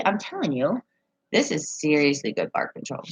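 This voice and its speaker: A woman's voice: deep voice, sing-song, normal speed, breathy edge, low-quality recording. A woman chatting casually on a live stream from home, reading viewer comments and telling rambling stories with frequent laughs.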